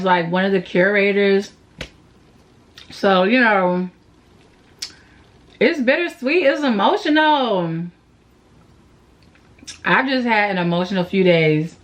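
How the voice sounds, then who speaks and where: A young beauty vlogger rambles through a makeup tutorial in a slangy, playful, self-deprecating manner, often laughing and sighing. She has a mid-range voice with a fairly bright tone.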